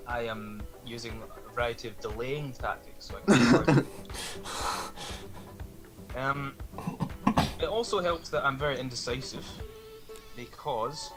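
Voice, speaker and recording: A man giving a halting, mock-formal job pitch in a party game. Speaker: player. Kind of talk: casual game chat. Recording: music behind the voice. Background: music.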